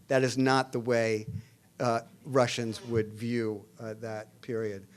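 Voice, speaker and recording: A middle-aged man giving a public lecture as an international relations professor, speaking in a measured way with frequent "uh" fillers and restarts. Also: medium pitch, flat delivery. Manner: reads quoted dialogue aloud with added emphasis. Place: lecture hall at a public forum.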